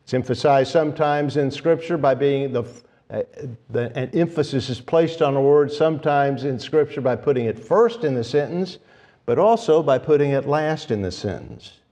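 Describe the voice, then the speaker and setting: A man preaching a sermon, speaking deliberately and pausing to restart his phrases now and then. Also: medium pitch, expressive, warm tone. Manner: slow, deliberate, with restarts and fillers. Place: church sanctuary. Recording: long reverb of a church hall.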